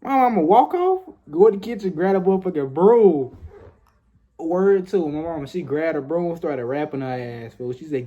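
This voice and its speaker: Husky rambling young man. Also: a little high, lively intonation, normal speed, mellow, dull audio. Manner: rambling, repetitive, profane slang. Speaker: storyteller. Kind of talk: casual storytime.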